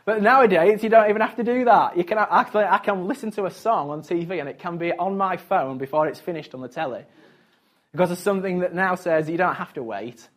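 A man's voice: high-pitched, a little fast. A man preaching a casual, conversational sermon, chatty and self-mocking, with frequent asides to his listeners.

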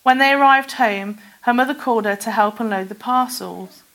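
Soft-voiced woman reading a story. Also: a little high, normal speed. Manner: gentle, soft-spoken reading with quoted character voices. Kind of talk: reading a children's story aloud.

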